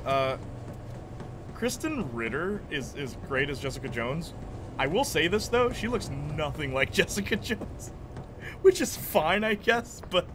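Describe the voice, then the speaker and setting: A man's voice: on the high side, noisy background. A young man streaming a video game, rambling casually and answering chat, laughing often. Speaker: gaming streamer. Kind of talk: casual chat while playing. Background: game music.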